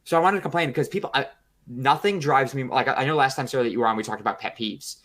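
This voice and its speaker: A man co-hosting a podcast, telling a story in a casual, profane, animated way with acted-out quotes. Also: medium pitch, racing. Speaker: podcast co-host.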